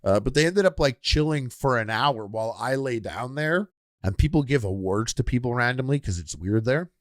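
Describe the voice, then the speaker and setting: A man's voice: medium pitch, normal speed, dry recording, studio quality. A man co-hosting a casual podcast, telling a long rambling story with lots of "like" and acting out the sounds and voices in it. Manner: rambling, animated storytelling full of "like"; acts out sounds and quoted voices while telling stories. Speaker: podcast co-host.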